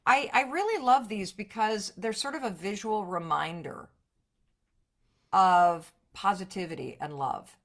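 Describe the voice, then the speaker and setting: A woman giving an energetic motivational talk on a live stream, emphatic and profane, with big jumps in pitch and loudness. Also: measured pace. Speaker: motivational speaker.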